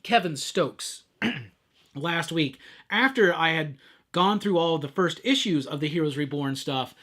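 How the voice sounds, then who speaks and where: A man's voice: a little high, lively intonation, unhurried, fairly bright tone. A man hosting a podcast, talking casually and enthusiastically through a comic book. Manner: enthusiastic, rambling. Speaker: podcast host.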